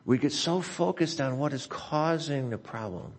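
A man with a slightly high voice preaches a sermon in a church. He slows down and drops to a softer tone whenever he reads scripture quotes. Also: lively intonation, slightly rough. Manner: reads scripture quotes slowly and softly, asks if he talks too fast. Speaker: pastor.

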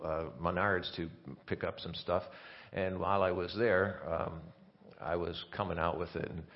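Male pastor, lowish voice, chatty halting sermon, muffled lo-fi capture. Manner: halting, many restarts and asides. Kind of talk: conversational sermon. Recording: dull lo-fi sermon recording.

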